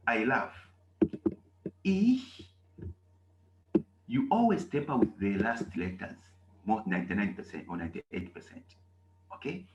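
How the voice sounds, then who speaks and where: A man teaching a language class in a roomy, echoing space with a faint hiss behind him. He talks slowly and with a lively, swooping pitch, and he keeps checking in with his students. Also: dull audio. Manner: repetitive, emphatic, asks "okay?" often. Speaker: German teacher. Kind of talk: classroom lesson.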